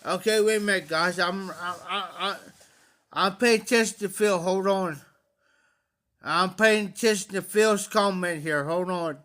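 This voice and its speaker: A man's voice: sits high, measured pace, fairly bright tone. A man hosting a casual livestream, talking anxiously to viewers, pleading for help and repeating himself. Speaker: livestream host.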